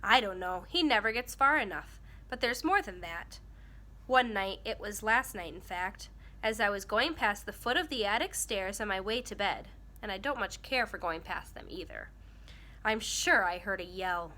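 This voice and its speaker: Sulky young boy in a storybook, read by a woman. Wound-up and defensive, bright tone. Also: medium pitch, animated, normal speed.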